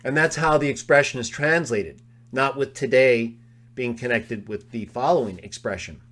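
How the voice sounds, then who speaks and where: A man presenting a live study of biblical grammar, walking through his notes and slowly repeating quoted phrases for emphasis. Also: medium pitch, a bit bright. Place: live online discussion.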